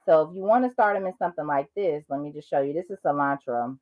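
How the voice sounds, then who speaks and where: A woman's voice: sits low, fast, muffled recording. A woman from North Carolina, casually explaining gardening step by step with frequent ums and "right?" checks. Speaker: gardening vlogger. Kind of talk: casual how-to demonstration.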